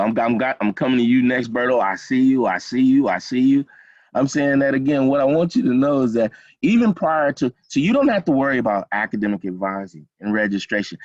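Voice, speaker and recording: A man's voice: mid-range voice, dry recording. Man leading an online class, dull audio. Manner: encouraging, repeats himself, many fillers. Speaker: college program instructor. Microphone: video call. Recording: dull lo-fi video call audio.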